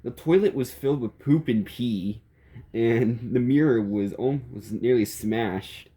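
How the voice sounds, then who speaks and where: A man's voice: medium pitch, a little slow, warm tone. A man narrating a silly comedic story in a playful, chuckling way.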